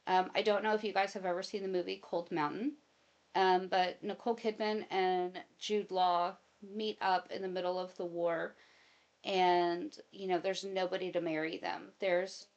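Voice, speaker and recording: A woman hosting casual commentary, giving opinions and telling long personal anecdotes. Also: on the low side. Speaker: commentary host.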